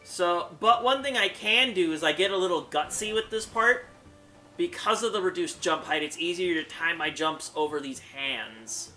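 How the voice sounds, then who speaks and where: A man's voice: high voice, animated, normal speed, sharp tone, soft background music. A man chatting casually while playing a video game, laid-back and explaining his moves. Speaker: gameplay host. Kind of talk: casual let's-play chat.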